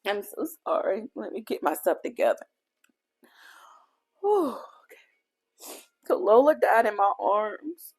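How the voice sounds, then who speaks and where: A woman's voice: mid-range voice, very animated, unhurried, vocal fry, pauses often, breathy edge. A woman podcast host telling a personal faith testimony in an earnest, heartfelt way, speaking directly to her listeners.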